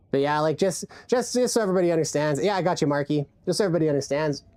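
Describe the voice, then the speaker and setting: A woman's voice: low-pitched, quick pace, dark tone, slight background noise. A woman game streamer chatting casually and profanely, rambling with many restarts into a desk mic. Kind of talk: casual live-stream chat.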